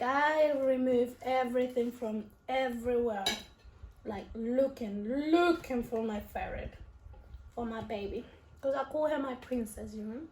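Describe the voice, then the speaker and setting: A woman's voice: high-pitched, darkish tone. A young woman vlogger telling a personal story at home in a rambling, emotional way, full of fillers and restarts. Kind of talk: casual storytelling while eating. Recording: roomy room with faint noise.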